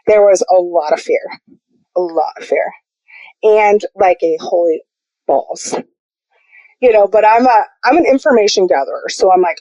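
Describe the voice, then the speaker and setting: A young adult woman, a podcast guest, telling her personal story in a candid, animated way and acting out the quotes. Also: medium pitch, dry recording, rough recording.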